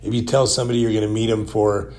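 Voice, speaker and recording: A man's voice: lowish voice, little pitch movement, quick pace, darkish tone. A man hosting a solo podcast, telling stories in a rambling, wry and joking way. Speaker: podcast host. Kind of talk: casual solo podcast monologue.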